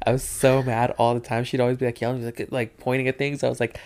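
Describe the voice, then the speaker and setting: Chill young dude rambling through stories, lots of likes and uhs. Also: male voice, mid-range voice, quick pace. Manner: relaxed, rambling storytelling with many fillers. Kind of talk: casual chat.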